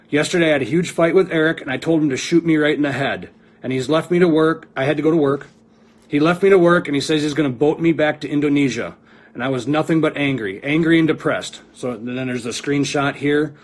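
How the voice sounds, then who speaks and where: A man speaks in a middle pitch, reading his wife's messages aloud for a video statement. He moves haltingly through the text and stops between phrases. The delivery stays plain and unhurried. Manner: halting reading with fillers and restarts. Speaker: reality TV personality speaking for his wife.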